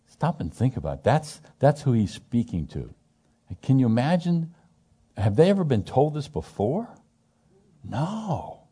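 A man's voice: mid-range voice, unhurried, husky. Man leading a casual Bible study. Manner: animated, emphatic, asks the group questions; frequent restarts and repetitions. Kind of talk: informal conversational scripture teaching.

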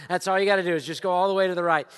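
A man, preaching a sermon as pastor, telling stories with lively swings between loud and hushed. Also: high voice, very fast, clear, resonant tone. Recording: church hall reverb.

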